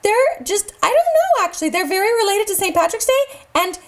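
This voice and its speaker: A woman's voice: very high voice, expressive, brisk, fairly bright tone. A woman co-hosting a children's show, giggly and telling playful little stories. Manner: giggly, storytelling. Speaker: co-host. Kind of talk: playful kids' show chat.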